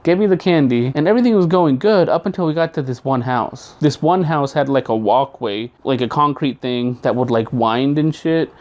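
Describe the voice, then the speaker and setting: A man casually telling a funny childhood story, animated and profane, acting out the quotes. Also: mid-range voice, normal speed, hardly any pauses. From outside the United States.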